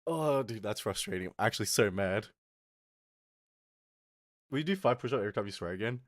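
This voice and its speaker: A young man telling a story on his stream, swearing a lot and swinging between mutters and yells. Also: on the low side, animated, brisk, dry recording, clean studio sound. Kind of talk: casual storytelling rant on a live stream.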